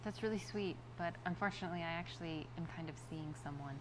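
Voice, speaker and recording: A woman's voice: fairly low pitch, fast, noisy background, close to an everyday voice. A woman playing a dry, unimpressed date. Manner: dry, blunt. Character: unimpressed young woman being chatted up. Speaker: woman on a date in a dating video game.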